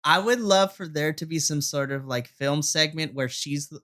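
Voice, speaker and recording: A man's voice: on the high side, normal speed, pushed and bright. Chatty male podcast co-host, playfully dramatic. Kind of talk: casual chat.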